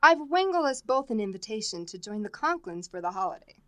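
A woman's voice: medium pitch, very animated, brisk, bright, forceful tone, no room sound. An actress playing a wisecracking female schoolteacher in a 1950s radio comedy, dry and sardonic.

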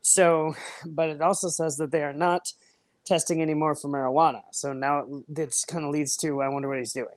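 A podcast co-host talking over a remote call, rambling in quick bursts with lots of fillers and laughter. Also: medium pitch, steady tone. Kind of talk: casual chat.

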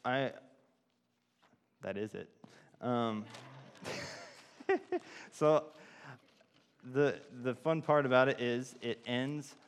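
A man's voice: medium pitch, slow, pauses often, clean tone. A man giving an informal sermon, telling a personal story with many fillers and restarts. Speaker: church speaker. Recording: long hall reverb.

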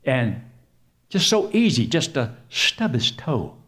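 A male preacher giving a sermon, telling stories with big swings from quiet to loud exclamations. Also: medium pitch, slow. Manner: animated storytelling, swings from soft to exclamations.

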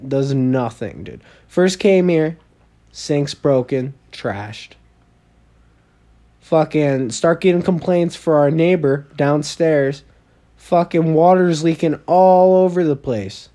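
A man's voice: a little high, slow pace, mellow. A young man co-hosting a podcast, chatting casually and joking with lots of swearing and bro slang. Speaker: podcast co-host. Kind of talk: casual chat.

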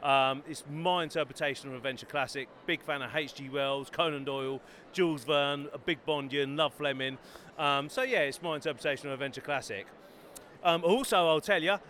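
A man from Bedford talks about his writing in a forceful, bright voice, pitched a little high. He sounds upbeat and eager and keeps plugging his books. A faint hum of traffic sits behind him. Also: a little fast. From Bedford, England. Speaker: author. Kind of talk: enthusiastic self-promoting interview. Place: busy trade fair hall.

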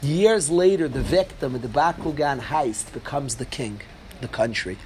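A man giving an informal Torah class as a rabbi, telling a story with lively energy and asking his listeners questions. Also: medium pitch, normal speed, slight background noise. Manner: animated storytelling, asks the audience.

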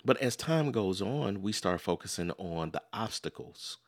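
A man's voice: lowish voice, unhurried. A man hosting a podcast, giving a conversational motivational self-help talk that keeps circling back with "so in other words" and "you know". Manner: acts out everyday quotes in lively voices. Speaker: podcast host.

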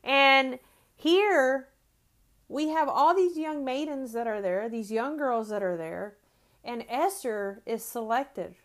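A woman's voice: high voice, slow pace. A woman in her fifties who hosts a podcast, teaching on faith in a chatty style and often asking "right?" as she goes. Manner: conversational, frequent "right?" and restarts. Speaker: podcast host.

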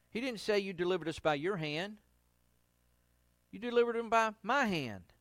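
A male pastor giving a conversational Bible study sermon, acting out the quotes he reads with lively inflections. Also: high-pitched, moderate pace, pauses often, no room sound.

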